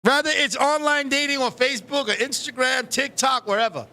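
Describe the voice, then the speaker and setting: Bright, high-voiced profane male host. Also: a little fast, few pauses. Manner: profane, animated storytelling. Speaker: show host. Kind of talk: live casual chat.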